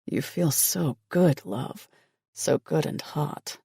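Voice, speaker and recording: A man voicing a rugged young male lover in a romance audiobook, talking in a low gravelly murmur. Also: animated, unhurried, darkish tone.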